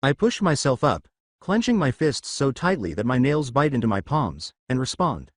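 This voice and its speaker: A man's voice: medium pitch, sing-song, moderate pace, dry recording, clean studio sound. Man narrating a dramatic fan story. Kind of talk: first-person fan fiction narration.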